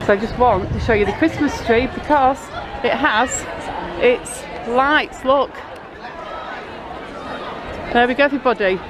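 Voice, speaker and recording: A woman's voice: on the high side, measured pace, pauses often, a crowd in the background. A woman vlogging outdoors with a handheld camera, rambling through a casual story. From Blackpool, England. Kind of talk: casual walking vlog narration. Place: outdoors on a busy town street. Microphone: handheld camera mic. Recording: street noise behind.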